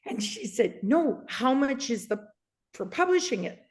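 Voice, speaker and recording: A woman in her sixties from Canada tells a long story as a guest author. Her voice sits a little high and swings widely in pitch. She laughs often and acts out the lines of the people she quotes. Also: very animated, unhurried. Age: 60s. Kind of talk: animated storytelling in an interview.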